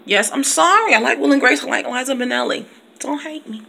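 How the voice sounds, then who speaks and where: A woman chats loosely to her viewers from her home computer. Her voice is bright and forward, and her talk is playful, full of laughs and stray snatches of song. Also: sits high, moderate pace, gravelly, a little hiss or hum. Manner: chatty and playful, laughs often, drops into song. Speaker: teacher and video blogger. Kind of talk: casual chat to camera.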